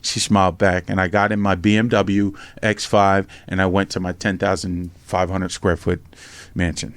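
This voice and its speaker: A middle-aged man from Pennsylvania telling his life story in a casual interview, animated and blunt, swearing freely and acting out the voices in his tales. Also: low voice, moderate pace, smooth, dry recording. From Norristown, Pennsylvania, USA. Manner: animated storyteller, acts out quotes, swears freely, says "right?" often. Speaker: podcast host and memoir author.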